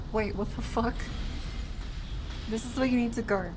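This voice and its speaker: Chatting through live gameplay, a woman speaks a little slowly with frequent pauses in a medium-pitched, darkish voice. She often stammers and repeats words and sounds slightly strained, with slight background noise behind her.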